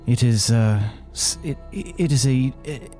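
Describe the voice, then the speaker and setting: A man voicing a grieving female mushroom-folk figure who speaks formally and haltingly in a tabletop game. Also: medium pitch, lively intonation, dark tone, soft background music, natural voice.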